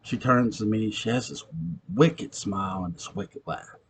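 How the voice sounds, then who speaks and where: A man's voice: fairly low pitch, expressive, a little slow, breathy edge. Gritty New York ex-con storyteller man. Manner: gritty, streetwise, profane. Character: ex-convict man recounting a ghostly encounter. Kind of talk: acted monologue, recounting a tale.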